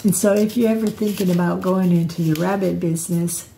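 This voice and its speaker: A woman's voice: fairly low pitch, fairly even intonation, fairly quick, creaky, dark tone, a little hiss or hum. An older woman telling personal stories in a rambling, reflective vlog, often restarting her sentences. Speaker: vlogger.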